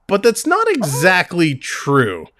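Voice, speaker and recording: A man's voice: high voice, huge pitch swings, takes it slowly, bright, forceful tone, dry recording, clean studio sound. A man hosting a live hockey stream, reading stats and chatting with guests in an upbeat, joking way. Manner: upbeat play-by-play, reads stats, jokes. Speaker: stream host.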